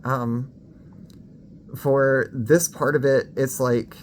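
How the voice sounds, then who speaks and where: A woman's voice: a bass voice, steady tone, extremely slow, slight background noise. A woman talking casually to camera for her vlog, frank and candid, swearing freely and a little out of breath. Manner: slightly out of breath. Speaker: vlogger.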